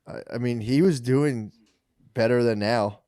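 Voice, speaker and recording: A man's voice: medium pitch, mellow, dry recording. Casual male co-host, dry studio sound. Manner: quick agreeing replies, casual swearing. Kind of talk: casual podcast chat.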